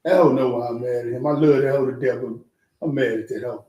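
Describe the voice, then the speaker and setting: A man with a medium-pitched voice hosts a casual street talk, speaking a little fast in an echoey room, with the highs cut off. He tells stories animatedly, repeating words and cursing heavily.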